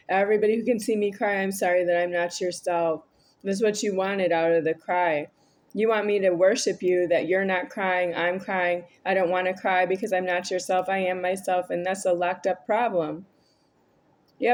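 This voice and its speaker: Woman talking to her camera, rambling and arguing with someone who isn't there, mid-pitched voice. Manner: rambling, argumentative, addresses an unseen listener. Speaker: vlogger. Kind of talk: monologue to camera.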